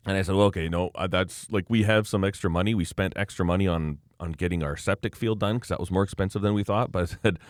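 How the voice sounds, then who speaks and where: A man's voice: low-pitched, steady tone, quick pace, hardly any pauses, no echo, studio quality. A man in casual chat, telling a worked-up story and acting out the quoted lines, with many fillers. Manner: acts out quoted dialogue. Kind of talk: casual chat, ranting anecdote.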